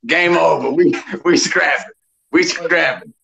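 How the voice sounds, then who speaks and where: A man's voice: a little high, unhurried, vocal fry, pushed and bright, slightly rough, rough recording. A man in casual podcast banter, heated and blunt, repeating himself for emphasis.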